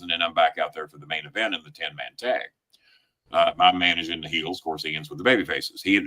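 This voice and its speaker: A man with a lowish, forceful voice hosts a talk show and tells a story in blunt, heated bursts. He swears constantly and pushes hard on key words, building emphasis as the story goes on. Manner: relives the story with rising emphasis. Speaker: show host. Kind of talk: profane storytelling chat.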